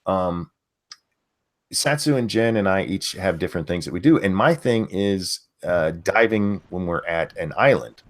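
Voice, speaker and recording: A man's voice: low voice, animated, unhurried. A man hosting a casual livestream, reading out viewer messages in a rambling, stammering, profane way. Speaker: host reading super chats.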